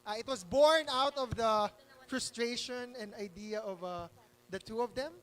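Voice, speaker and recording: A man co-hosting a live event in a hotel function hall, chiming in with quick quips and finishing his partner's lines. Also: very high-pitched, a bit bright. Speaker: event co-host.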